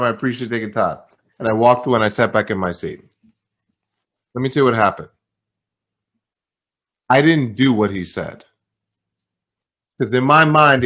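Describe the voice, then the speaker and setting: A man giving a motivational talk at a company training event, telling a story and acting out both sides of a conversation with repeated phrases. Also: mid-range voice. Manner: animated storyteller, repeats phrases, acts out dialogue. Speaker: company executive speaker.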